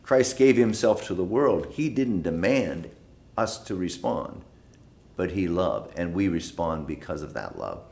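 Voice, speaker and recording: Low-voiced pastor guy, slow and emphatic, keeps repeating phrases. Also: animated, vocal fry, darkish tone. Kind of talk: Bible study teaching.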